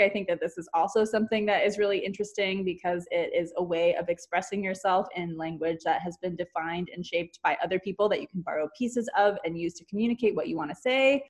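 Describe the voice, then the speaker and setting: A woman co-hosting a podcast, analyzing a comic while thinking aloud, with lots of "like" and "kinda". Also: medium pitch. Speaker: podcast co-host. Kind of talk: casual analytical discussion.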